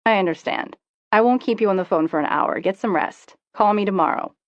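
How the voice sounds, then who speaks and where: Woman reader doing a loud, teasing teen girl, blunt and crude, dry dull sound. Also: medium pitch, fairly quick, no room sound, close to an everyday voice. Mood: pushy.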